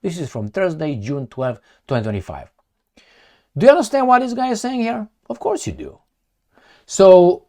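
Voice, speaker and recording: Speaking straight to the viewer, a man delivers an opinionated monologue of blunt, sarcastic political commentary with some swearing. His voice is high and mellow, with lively intonation and a moderate pace.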